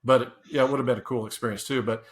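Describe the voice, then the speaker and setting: Speaking very fast in a steady, medium-pitched voice, a man recounts casual stories in a podcast interview. His delivery rambles with many restarts and laughs, and he acts out the quotes.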